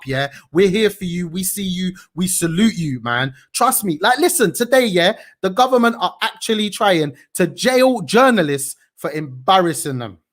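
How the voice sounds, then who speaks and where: Animated young man hosting news. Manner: animated, slangy and indignant, big swings in pitch. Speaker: news show host. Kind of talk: casual, energetic news commentary.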